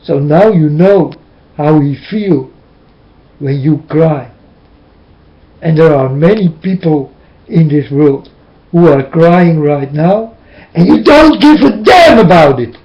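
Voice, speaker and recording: Man, high voice, slow delivery, pleading religious monologue, tearful, dull lo-fi recording. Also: expressive. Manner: pleading, preaching, voice breaking into tears. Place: his room.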